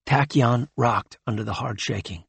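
A man narrating a novel in a measured storytelling style. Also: medium pitch, gravelly, slightly rough, no echo. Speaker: audiobook narrator. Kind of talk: scripted narration.

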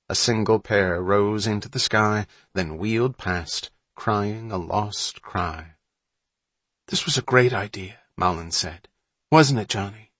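A man narrating a story aloud in a steady, measured storytelling manner. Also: on the low side, no echo. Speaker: audiobook narrator. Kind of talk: scripted narration.

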